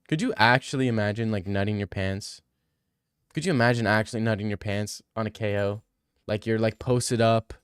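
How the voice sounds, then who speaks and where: A man's voice: fairly low pitch, clean tone, no echo, clean studio sound. A young man livestreaming, answering chat in casual, crude, teasing banter. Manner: joking, teasing, profane.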